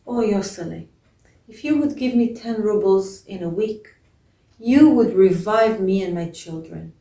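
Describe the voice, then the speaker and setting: A woman's voice: medium pitch, lively intonation, unhurried, warm tone. A woman voicing a poor, desperate water-carrier with twelve children. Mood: pleading. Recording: echoey room, voice from a distance.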